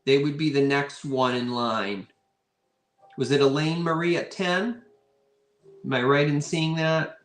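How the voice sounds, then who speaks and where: A man with a higher-pitched voice hosts a live online vintage sale, speaking a little slowly with long pauses in a roomy-sounding space. Chatty and playful, he greets viewers by name while showing off each item up for auction.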